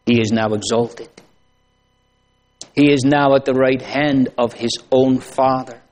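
A man preaching a sermon to a congregation, slow and solemn, building to emphatic pleading phrases. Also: medium pitch, fairly even intonation, darkish tone.

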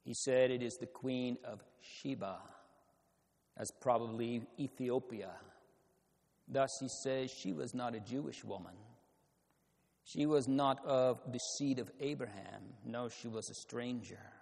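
A man preaching a sermon, slow and measured, asking rhetorical questions in old-fashioned scriptural phrasing. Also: mid-range voice, vocal fry, a little mellow, long reverb tail.

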